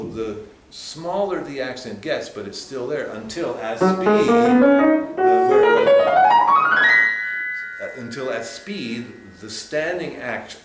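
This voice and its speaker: A man teaching a piano workshop, explaining hand movements while demonstrating at the piano and breaking into sudden high exclamations. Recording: echoey room with loud piano. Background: piano playing.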